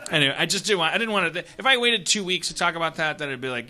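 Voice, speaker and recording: A man's voice: fairly high pitch, expressive, very fast, noisy background. A man hosting a podcast who tells a comedic story in a rambling way and laughs as he talks. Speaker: podcast host. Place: stage before a live audience. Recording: live show with audience.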